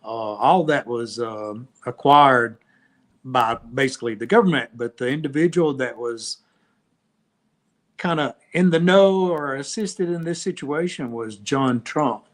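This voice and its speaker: A man appearing as a guest expert, speaking haltingly with many restarts. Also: mid-range voice. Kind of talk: casual discussion.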